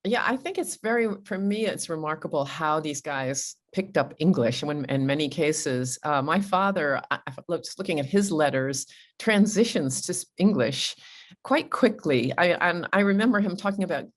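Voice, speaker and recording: A woman's voice: sits low, lively intonation, moderate pace. A woman interviewing an author at a book talk, speaking in a reflective, personal way and laughing easily.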